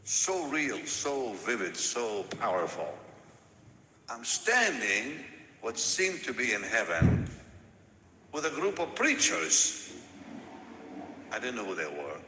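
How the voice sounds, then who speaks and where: A man preaching, telling a personal story with animated delivery, repeating words and laughing now and then. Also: medium pitch, takes it slowly, long pauses, slight background noise. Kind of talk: sermon storytelling. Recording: echoey hall with long reverb.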